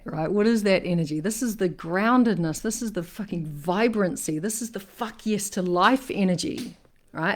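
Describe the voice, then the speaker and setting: Speaking in a fairly high pitch, this female relationship coach delivers a casual, lively monologue on a live stream. She's emphatic and keeps checking in with "right?".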